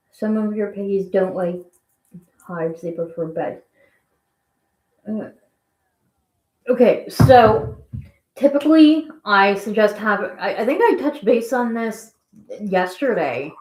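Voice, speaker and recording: A woman's voice: mid-range voice, darkish tone. Chatty woman in an echoey room. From Canada. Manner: rambling, chatty, answers viewer questions. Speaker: guinea pig channel host. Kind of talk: casual live-stream chat.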